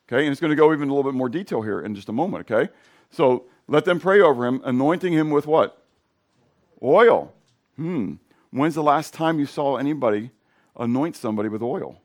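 A middle-aged male pastor with a hoarse voice, preaching in a casual, conversational way and questioning his congregation. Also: mid-range voice, animated, moderate pace. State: hoarse from sinus drainage. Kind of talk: sermon.

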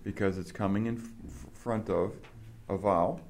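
A man's voice: on the low side, fairly even intonation, moderate pace, darkish tone, slight background noise. Patient man teaching a small class. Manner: patient, questioning, explains step by step. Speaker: Greek teacher. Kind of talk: classroom instruction.

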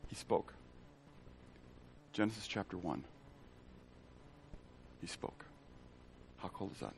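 A man giving an animated Bible teaching, asking the listeners questions and acting out the lines of the people in the story. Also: sits low, slow pace, creaky, long pauses, slight background noise.

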